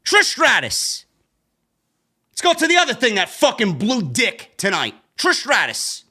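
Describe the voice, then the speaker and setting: A ranting man with a New York accent, his voice high and sharply bright as it leaps all over. He reviews a wrestling show in a profane, combative way, throwing in sarcastic jabs. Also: wildly swooping pitch, a little slow, breathy edge.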